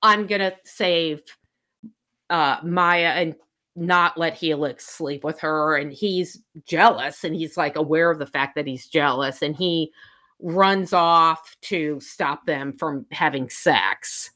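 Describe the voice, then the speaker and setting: A woman's voice: deep voice, takes it slowly, pushed and bright. A woman in casual chat, animatedly retelling a novel's plot and quoting the characters in her own voice. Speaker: book discussion co-host.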